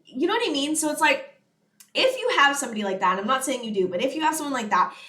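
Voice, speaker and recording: Very animated and quick, this young woman delivers a casual channeled tarot reading to camera in a high, pushed, bright voice. The earnest, rambling reading is peppered with "you know" and "it's like," and the audio is reverberant.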